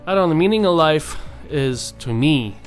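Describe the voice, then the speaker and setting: A man's voice: fairly high pitch, expressive, moderate pace, faint music behind. A young man talking casually and earnestly to his viewers, rambling with many fillers and restarts. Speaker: vlogger. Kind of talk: casual motivational monologue.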